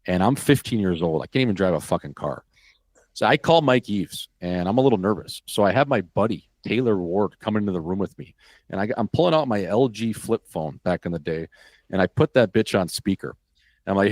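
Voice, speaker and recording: A man from Wisconsin tells a story as a podcast guest, animated and full of profanity. His voice sits low, and the recording is dry and close. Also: brisk, dry recording. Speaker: podcast guest, former hockey player. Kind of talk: casual storytelling.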